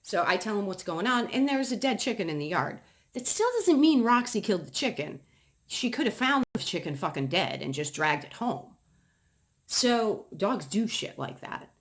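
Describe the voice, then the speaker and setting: Woman from New England, casual ranting vlogger, emphatic and swearing, lively voice. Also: medium pitch, normal speed. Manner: heated, profane, emphatic ranting.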